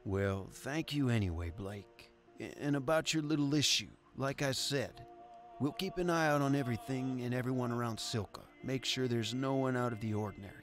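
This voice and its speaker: A man voicing a kindly elderly game character who talks gently in formal, old-fashioned phrases. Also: medium pitch, normal speed, close to an everyday voice. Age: older. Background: game music.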